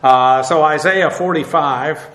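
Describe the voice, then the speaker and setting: A man teaching a Bible lesson, explaining Greek words in a halting way full of fillers. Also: a little high, fairly bright tone, reverberant.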